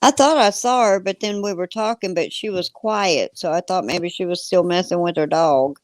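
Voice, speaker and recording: A woman from Texas with a Texas accent, co-hosting a casual talk show in an easygoing, relaxed way. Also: lowish voice, normal speed, dry recording. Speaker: podcast co-host. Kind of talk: casual chat.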